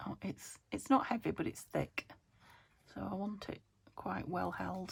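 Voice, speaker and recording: A British woman hosting a craft channel, chatting casually as she works, talking to her materials with murmured asides and a slightly croaky voice. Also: mid-range voice, steady tone, unhurried, no room sound. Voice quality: a bit croaky. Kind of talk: casual chat while crafting.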